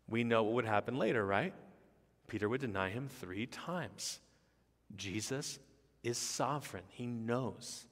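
Low-pitched male pastor, emphatic repetitive sermon delivery, long hall reverb. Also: normal speed, a bit bright.

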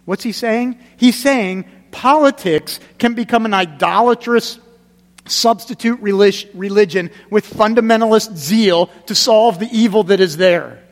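A man with a fairly high voice preaches a sermon in a church sanctuary, his words trailing off into a long hall reverb. He talks like a pastor chatting with his flock, hammering short phrases through repetition, then sinking low and quiet for the heavy parts. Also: a little slow. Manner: conversational preaching, emphatic repetitions, drops to quiet gravity.

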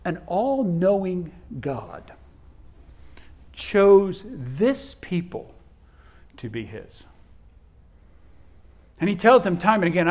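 A man who is a pastor preaching a sermon, stressing key words by repeating them, swinging from loud to hushed, with folksy storytelling asides. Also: high-pitched, sing-song, takes it slowly, long pauses.

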